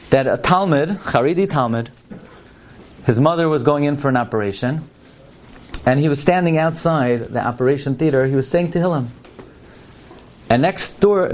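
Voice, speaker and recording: A man with a slightly high voice and a darkish tone gives an emphatic, sermon-style talk full of stories at a fundraising parlor meeting. He works Hebrew and Yiddish terms into his storytelling.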